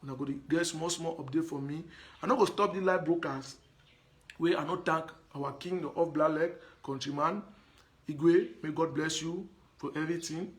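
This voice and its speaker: A man's voice: fairly high pitch, moderate pace. Emphatic Cameroonian Pidgin-speaking man. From Anglophone Cameroon. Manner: emphatic and repetitive, pleading. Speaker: live broadcaster. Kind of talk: live stream monologue.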